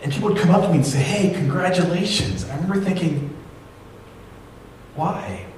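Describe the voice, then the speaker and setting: A man's voice: high voice, rapid-fire, darkish tone. A man in his forties preaching a sermon, telling a family story with self-deprecating humor. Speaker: pastor. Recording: very echoey hall, distant mic, faint noise.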